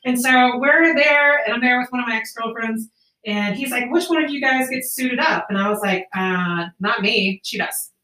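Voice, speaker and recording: A woman hosting a casual podcast, telling a story in a profane, animated way with quick laughs. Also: on the high side. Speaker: podcast host. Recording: roomy, distant amateur podcast mic.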